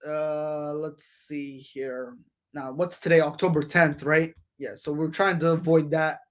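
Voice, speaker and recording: A man hosts his own sports podcast in a high, light voice. He talks loosely and rambles, filling gaps with ums and uhs and restarting sentences as he runs through games and scores. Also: little pitch movement, a little slow. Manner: rambling, frequent fillers and restarts; addresses listeners as folks, ladies and gentlemen. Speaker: podcast host.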